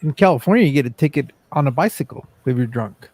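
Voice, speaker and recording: A man's voice: medium pitch, animated, fast talker, darkish tone, no echo. A man hosting a casual livestream chat, joking and teasing his friends. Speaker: livestream host.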